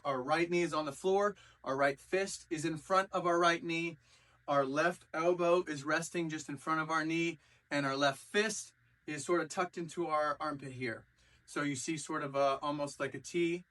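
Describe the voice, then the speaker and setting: A man with a slightly high voice leads a dance class step by step, calling out counts and beat sounds while he demonstrates the moves. He sounds a little distant from the microphone. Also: bright, forceful tone. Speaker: dance instructor. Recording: voice from a distance from the mic.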